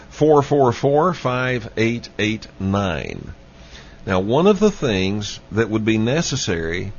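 A man hosting a late-night call-in radio show, speaking deliberately and repeating his questions to listeners. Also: lowish voice. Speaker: radio talk show host. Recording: muffled lo-fi radio broadcast with faint hiss.

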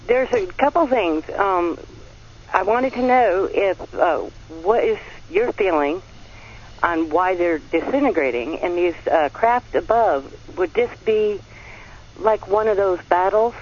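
A woman's voice: medium pitch, animated, slow, a little mellow, husky. A woman from Tennessee, calling in to a radio show, friendly and a bit hesitant. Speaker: caller. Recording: lo-fi phone line with faint noise.

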